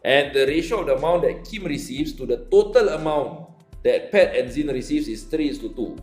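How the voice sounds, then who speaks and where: A man's voice: on the high side, expressive, moderate pace, a little mellow, reverberant, faint music behind. A man with a Singaporean accent teaching a live online maths lesson, chatting playfully and teasing students as they compete in a quiz. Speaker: maths tutor.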